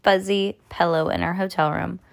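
A woman voicing an excitable, bossy young girl who proclaims things dramatically while reading a storybook. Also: lowish voice, moderate pace, creaky. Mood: excited. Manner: bouncy, proclaiming.

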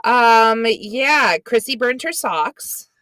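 Woman co-host, unhurried and blunt, bright, close dry sound. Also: on the high side, expressive, dry recording. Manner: blunt, sweary. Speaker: podcast co-host. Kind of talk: casual recap chat.

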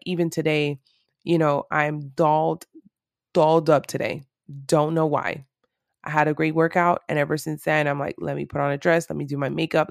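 A woman's voice: sits low, no room sound, studio quality. A woman talking to camera in a casual, reflective monologue, earnest and rambling with lots of fillers.

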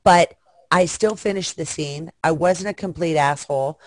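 A woman's voice: sits low, normal speed, a little mellow, dry recording. Bawdy joking woman on a video call, dry close sound. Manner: frank, bawdy, jokey. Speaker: guest performer. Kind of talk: casual chat.

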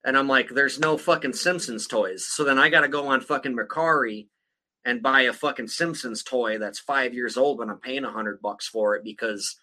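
A man's voice: medium pitch, normal speed, bright, forceful tone, low-quality recording. A man in his thirties hosting a podcast, rambling in casual chat with heavy swearing. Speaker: podcast host.

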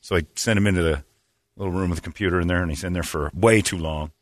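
A man hosting a podcast, telling comic stories in a lively way and acting out the quotes. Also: deep voice, quick pace, no room sound, studio quality. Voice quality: animated, acts out quotes. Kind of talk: comic storytelling chat.

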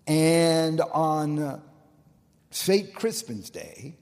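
A man preaching as pastor of a church, telling a story with emphasis and swinging between loud and quiet delivery. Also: fairly high pitch, big pitch swings, extremely slow. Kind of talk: sermon. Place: church sanctuary. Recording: long reverb of a large church hall.

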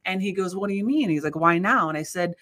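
This American woman in her thirties speaks on the low side and quickly. As a podcast co-host chatting casually, she animatedly recounts her own experience, frequently starting over and raising her voice in exclamation.

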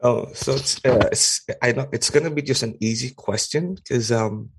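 A man calling in to a podcast, speaking haltingly with many fillers. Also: medium pitch, breathy edge. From Philippines. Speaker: caller. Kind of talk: casual chat.

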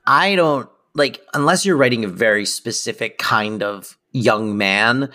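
Mid-pitched podcast co-host chatting. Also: measured pace, sharp tone. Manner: loose, filler-heavy opinions. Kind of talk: casual chat.

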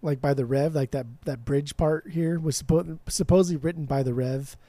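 A man's voice: on the high side, fairly even intonation, moderate pace, dark tone, no room sound. A man co-hosting a podcast, chatting casually about an album, brash and teasing, swearing freely. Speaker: podcast co-host. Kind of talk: casual music review chat.

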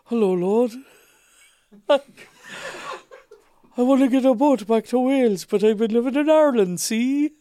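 A man putting on a Welsh voice with an Irish lilt, high and pleading. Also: a little slow, long pauses, mellow, clear, resonant tone, no echo, clean studio sound. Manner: high, sing-song, pleading.

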